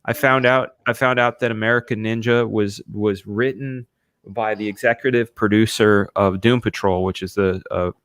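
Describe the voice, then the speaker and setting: A man co-hosting a casual streamed chat, rambling in an animated way and filling his talk with "you know". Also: lowish voice, normal speed, dry recording. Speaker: co-host and storyboard artist.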